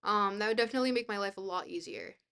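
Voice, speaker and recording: A woman with a medium-pitched, clean voice races along, sounding pushed and bright. She's live-streaming a reading of a dense book, interrupting herself to chat, hesitating with fillers and laughing easily at her own slips.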